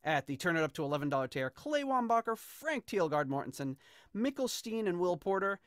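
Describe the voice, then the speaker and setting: Man hosting a podcast, casual chatty delivery, slightly high voice, dry close mic. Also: a little fast, no echo. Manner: chatty, animated, with frequent fillers. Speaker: podcast host.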